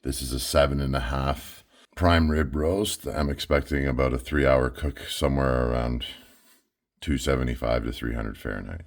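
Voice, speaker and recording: A man's voice: a bass voice, normal speed. A laid-back man hosting his own barbecue cooking vlog, chatting casually and thinking aloud as he works. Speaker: barbecue cook and show host.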